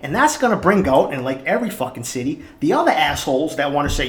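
A man's voice: on the high side, big pitch swings, quick pace, echoey room. Heated, swearing man with a Boston accent. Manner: heated, profane, emphatic. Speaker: podcast host. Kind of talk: solo podcast rant.

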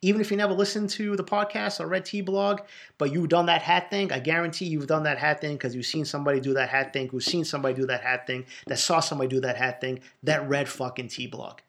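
Man, Boston accent, gravelly voice, podcast host, casual Q&A, blunt, profane, emotional. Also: fairly high pitch, steady tone, a bit bright. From Boston, USA. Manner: raw, emotional, profane, speaks quickly from the heart.

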